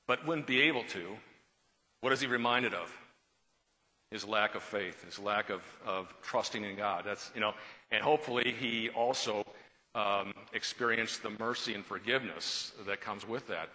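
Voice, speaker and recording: A man's voice: medium pitch, bright, forceful tone. A man teaching a Bible study in a conversational, explanatory way, taking a question from the class and reading scripture aloud. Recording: long hall reverb.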